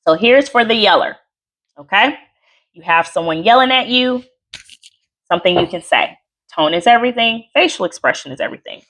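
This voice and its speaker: A woman coach teaching a live workshop on handling anger, chatty and animated, with asides and quick laughs. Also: medium pitch.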